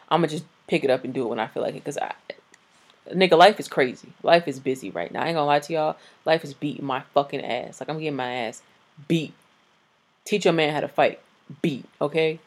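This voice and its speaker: Woman, late 20s, solo podcast host; blunt, profane, animated rant, tired. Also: sits low.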